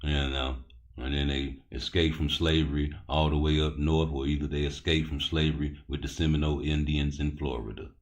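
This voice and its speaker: A man's voice: rumbling low, level tone, normal speed. A man hosting a live boxing talk stream, rambling loosely and cursing as he answers his chat. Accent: Baltimore. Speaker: boxing talk show host.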